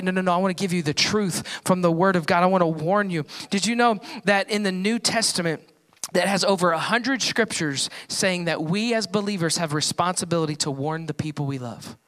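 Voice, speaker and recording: Young man, pastor, sermon, high voice, lively storytelling. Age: young adult. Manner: storytelling, animated voices for quoted people. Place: church.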